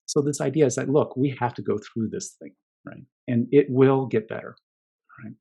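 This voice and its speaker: A man's voice: medium pitch, fairly quick, creaky, mellow, husky. A man giving a keynote talk in a conversational way, often tagging his points with "right?" and "you know?". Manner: conversational, many fillers and "right?" tags. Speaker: keynote speaker.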